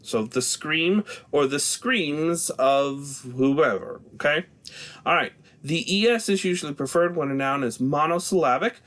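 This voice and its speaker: A man teaching a recorded German grammar lesson. He explains patiently, often checks in with "okay?", and says the German example words slowly. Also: a little high, a bit bright.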